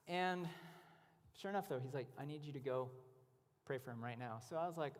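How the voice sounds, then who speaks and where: A guest speaker with a slightly high voice gives a conversational testimony at a church event in a church hall, with long hall reverb on the recording. He speaks at a moderate pace with long pauses, telling stories full of casual fillers.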